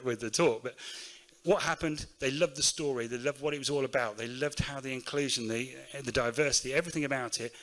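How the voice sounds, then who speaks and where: A middle-aged man with a Northamptonshire accent, telling anecdotes in a storytelling talk at a conference. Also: medium pitch. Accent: Northamptonshire English. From England. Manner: lively anecdotal storyteller, acts out quotes. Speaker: keynote speaker, shoe factory owner. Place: conference room.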